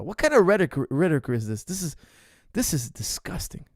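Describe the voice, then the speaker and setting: A man's voice: fairly high pitch, sing-song, fairly quick, dry recording, clean studio sound. A man, a martial arts coach, answering viewer questions in an impassioned, indignant monologue, repeating phrases for emphasis.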